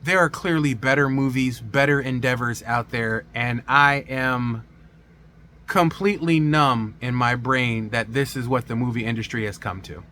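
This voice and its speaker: A man's voice: fairly high pitch, fairly bright tone, slight background noise. Sarcastic man ranting a movie review. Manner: sarcastic and emphatic. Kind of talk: casual review rant to camera.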